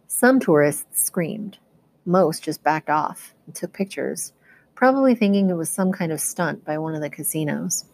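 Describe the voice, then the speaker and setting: A woman teacher reading a novel chapter aloud in a steady, expressive storytelling manner. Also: deep voice, unhurried, vocal fry, no echo.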